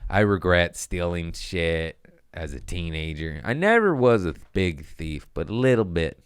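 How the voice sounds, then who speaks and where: Deep, animated profane comedian. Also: male voice, unhurried, smooth, no room sound, studio quality. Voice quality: profane, animated, acts out voices. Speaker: comedian and podcast host. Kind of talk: casual comedic rant.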